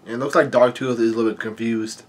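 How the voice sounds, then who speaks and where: A man casually reading a manga aloud and commenting on it, halting often with fillers and restarts. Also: medium pitch, fairly even intonation.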